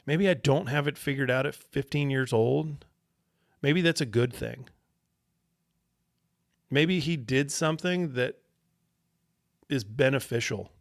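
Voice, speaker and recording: A man hosting a podcast, telling a personal story in a casual, animated way with plenty of swearing. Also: mid-range voice, slow, long pauses, no echo, studio quality. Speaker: podcast host.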